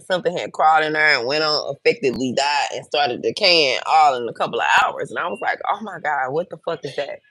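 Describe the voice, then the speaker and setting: A woman's voice: sits low, fairly bright tone, dry recording. Frank woman livestreaming, dry close sound. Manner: frank, blunt, chatty, addresses viewers directly. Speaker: host. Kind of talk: candid livestream advice and storytelling.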